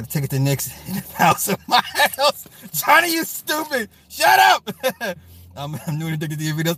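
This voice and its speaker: A man's voice: fairly high pitch, fairly bright tone, dry recording, clean studio sound. A man hosting a casual livestream, reading comments in a loose, profane way and often repeating apologies and fillers.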